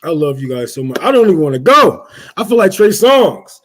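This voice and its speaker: Loud, cursing young man on a livestream. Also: fairly high pitch, big pitch swings, brisk. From Detroit. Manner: profane, loud, laughing rants. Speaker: livestream host. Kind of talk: casual livestream rant.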